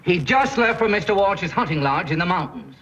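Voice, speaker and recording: A stiff, haughty butler. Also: male voice, high-pitched, animated, a little fast, a bit bright, recorded from a distance. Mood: curt. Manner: stiff, formal and curt. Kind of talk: 1930s radio drama acting. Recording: noisy old radio recording.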